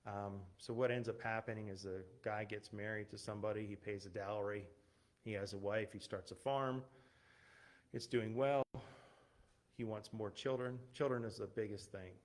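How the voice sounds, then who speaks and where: A man with a fairly low voice speaks from the front of a church as a visiting missionary pastor. He talks conversationally, with plenty of fillers and restarts, as he tells stories. The sound comes over an unsteady online stream. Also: fairly even intonation, moderate pace. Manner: conversational, many fillers and restarts, laughs at himself. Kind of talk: church talk with personal stories. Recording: unstable internet stream with glitches.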